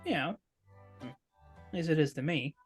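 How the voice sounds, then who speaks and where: A man's voice: fairly high pitch, slow pace, husky, soft background music. A man voicing an awkward teenage boy superhero in a tabletop role-play, hesitant and stammering with a wry edge. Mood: wary.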